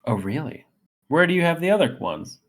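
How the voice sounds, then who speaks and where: A man's voice: on the high side, big pitch swings, brisk, fairly bright tone. A man hosting a casual call-in radio show, chatting in a rambling, upbeat way and reading things aloud. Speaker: host.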